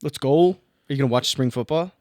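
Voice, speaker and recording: A man's voice: mid-range voice, quick pace, no room sound, studio quality. A young man co-hosting a podcast, joking around in casual chat. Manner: jokey, slips into a loud put-on frat-boy voice. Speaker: podcast co-host. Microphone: headphones and studio mic.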